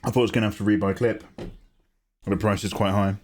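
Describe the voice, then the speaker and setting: A man's voice: on the low side, fast talker. A young man casually chatting on an art livestream, theatrical and grumbling, with swearing. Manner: animated, theatrical complaining with swearing.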